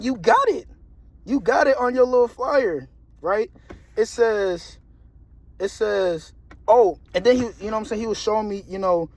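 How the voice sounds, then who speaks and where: A young man with a high voice tells a story straight to the camera, animated and full of slang, repeating himself and breaking into laughs. The sound is close and dry with almost no room in it. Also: dry recording. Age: young adult. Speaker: vlogger. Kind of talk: casual storytelling monologue.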